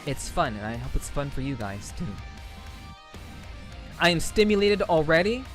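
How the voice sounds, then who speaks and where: Pitched on the high side and very animated, this livestreamer speaks at a normal speed while chatting casually with his audience. He's profane and rambling, laughs often and keeps repeating himself, with faint background music behind him.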